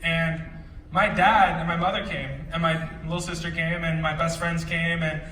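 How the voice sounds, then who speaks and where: Brief: young male stage speaker, high voice, energetic and joking, echoey hall with an audience. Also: normal speed, far from the mic, slight background noise. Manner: energetic, joking, chatty slang. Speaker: motivational speaker. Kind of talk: stage storytelling talk.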